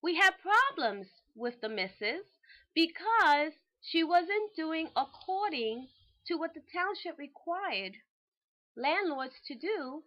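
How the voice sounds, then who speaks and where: A woman's voice: very high-pitched, big pitch swings, slow, pushed and bright, voice pushed up, exaggerated voice. Woman quoting a fed-up, defiant tenant. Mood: complaining. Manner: firm, insistent. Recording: dull lo-fi recording.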